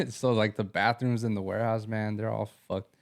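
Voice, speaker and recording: A man's voice: on the low side, steady tone, measured pace. A young man co-hosting a podcast, telling slangy, laid-back stories. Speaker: podcast co-host. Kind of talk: casual chat.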